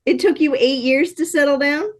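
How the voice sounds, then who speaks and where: A woman's voice: high-pitched, normal speed. A Canadian woman hosting a casual interview, blunt and teasing with crude jokes. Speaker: host.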